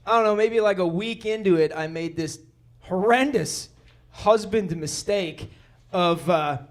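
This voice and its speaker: A man's voice: high voice, measured pace. A man doing laid-back stand-up storytelling, rambling along and acting out the people in his stories. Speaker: stand-up comedian. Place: comedy club stage.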